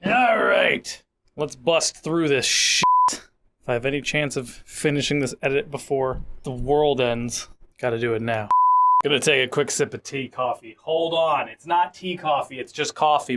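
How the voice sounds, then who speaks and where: A man's voice: medium pitch, pushed and bright, slight background noise. A man giving a profane, sarcastic, self-mocking commentary on a video game, with blooper outtakes.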